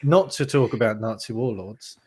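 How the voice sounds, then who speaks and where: A man's voice: medium pitch, normal speed, crowd noise. Rambling male stream host. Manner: rambling, with fillers. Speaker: show host. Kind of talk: casual stream chat.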